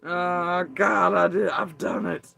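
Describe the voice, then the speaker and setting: A woman chatting casually, sarcastic and slow, swearing freely and mocking others. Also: on the low side, steady tone, creaky, crowd noise. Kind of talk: casual chat.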